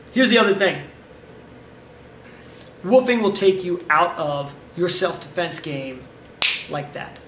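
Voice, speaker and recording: A male karate instructor talks through self-defense advice in a direct, coaching way, checking in with his listeners as he goes. His voice sits a little high and sounds bright and forceful. He is recorded from some distance in a roomy, echoey space. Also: slight background noise. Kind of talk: casual instructional talk. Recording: echoey room, mic at a distance.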